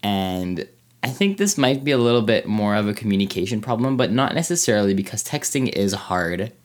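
Guy with a really low voice, casual podcast chat, lots of ums and likes. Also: sing-song, fairly quick. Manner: hesitant, lots of fillers. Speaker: podcast co-host.

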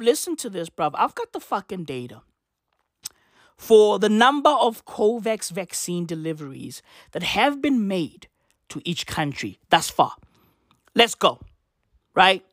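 Slow, animated, profane woman. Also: medium pitch, no echo, clean studio sound. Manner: profane, slangy, fires rhetorical questions. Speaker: commentator. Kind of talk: ranting news commentary.

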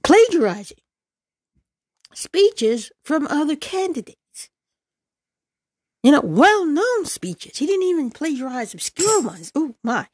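A woman's voice: sits high, sing-song, takes it slowly, dry recording. A woman political commentator who reads out news, then rants in a sarcastic, exasperated way, repeating words for emphasis.

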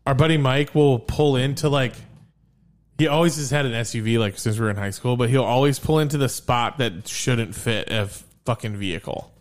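A man's voice: mid-range voice, moderate pace. A man in his thirties co-hosting a casual podcast, telling jokey stories, swearing loosely and laughing often. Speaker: podcast co-host. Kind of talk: casual chat.

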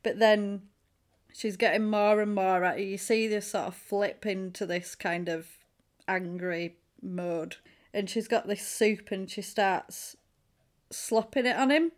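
A woman's voice: medium pitch, measured pace. A woman, co-hosting a podcast and animatedly retelling a film in casual chat. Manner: chatty, animated storytelling.

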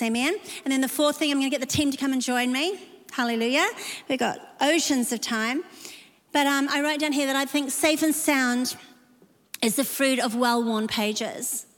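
A woman pastor preaching a sermon to a women's gathering, emphatic and repeating key phrases. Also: high-pitched. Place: large church hall. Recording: long hall reverb, soft music behind.

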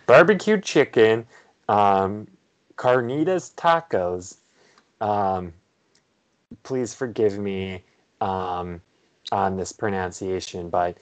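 Brief: male co-host, low voice, very unhurried, halting delivery with dry jokes. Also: lively intonation. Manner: slow, hesitant, many ums, dry humor. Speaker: podcast co-host. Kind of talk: casual podcast chat. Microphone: headphones on, studio mic.

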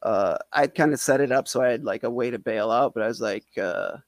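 A man from Wisconsin tells a self-deprecating comic story as a guest, rambling casually and packing in "like" fillers. He speaks a little fast at a medium pitch, with no room sound.

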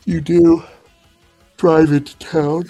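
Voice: medium pitch, level tone, slow pace, dark tone, soft background music. A game master narrating a tabletop role-playing game over voice chat, hesitant and full of fillers.

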